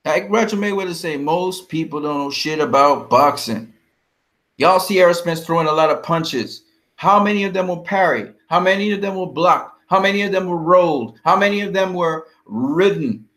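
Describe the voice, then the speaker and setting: A man's voice: sits high, moderate pace, a bit bright. Heated man ranting about boxing. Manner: heated, profane, confrontational. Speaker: boxing vlogger. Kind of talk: ranting fight commentary.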